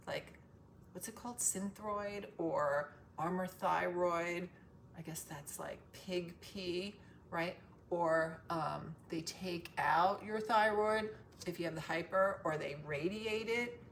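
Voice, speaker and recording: A woman's voice: fairly low pitch, fairly bright tone, a little hiss or hum. A woman vlogging casually to camera, frustrated and ranting, swearing freely as she talks. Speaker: wellness vlogger. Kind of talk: casual talking-to-camera vlog.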